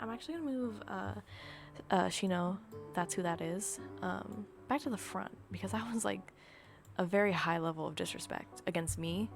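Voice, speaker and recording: A tired young woman chatting casually in a vlog, ranting in a dramatic, exaggerated way with low energy. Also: normal speed, vocal fry, soft background music. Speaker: video creator. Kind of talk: casual gaming vlog chat.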